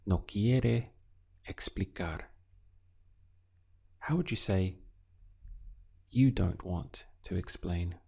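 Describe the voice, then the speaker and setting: A man teaching a recorded language lesson, asking slow, deliberate questions and pausing for the learner to answer. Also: deep voice, creaky, dark tone, husky. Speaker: Spanish teacher.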